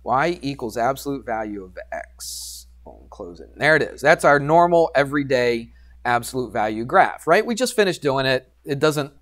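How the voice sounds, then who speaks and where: A man teaching algebra to a class, animated and teasing, coaxing students with questions. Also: mid-range voice, normal speed. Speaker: high school math teacher. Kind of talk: classroom lecture.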